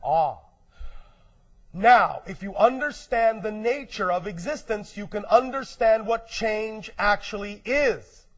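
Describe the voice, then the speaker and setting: A man doing a high, slow, emphatic channeled lecture as a collective "we". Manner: slow, emphatic, declarative, often clears throat; speaks as a collective "we" addressing humans. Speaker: spiritual speaker.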